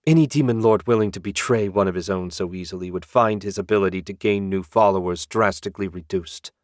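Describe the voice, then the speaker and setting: A man's voice: deep voice, a little fast, no echo, studio quality, close to an everyday voice. A man voicing a cold, proud male necromancer lord in an audiobook, speaking in a haughty tone. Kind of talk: audiobook character voice.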